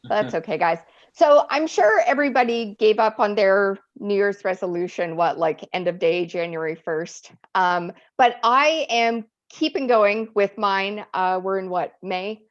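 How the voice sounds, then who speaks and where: A woman's voice: medium pitch, measured pace, few pauses, muffled recording. Chatty self-deprecating female comic. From Eastern Europe. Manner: self-deprecating, chatty, laughs between lines. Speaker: stand-up comic. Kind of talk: stand-up routine.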